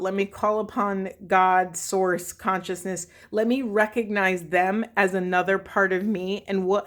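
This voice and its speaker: A woman talking through a spiritual tarot reading for her viewers, emotional and often correcting herself as she goes. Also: mid-range voice. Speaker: tarot reader.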